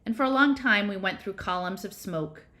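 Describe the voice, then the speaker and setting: A woman's voice: medium pitch, normal speed, sharp tone. A woman reading a novel aloud, narrating in a casual, slangy first-person voice. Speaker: reader.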